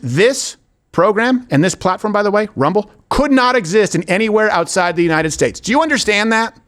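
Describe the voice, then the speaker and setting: A man hosts a political commentary show with a slightly raised pitch, pressing his points hard. He is sarcastic and repeats key lines for effect. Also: fairly bright tone. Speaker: show host.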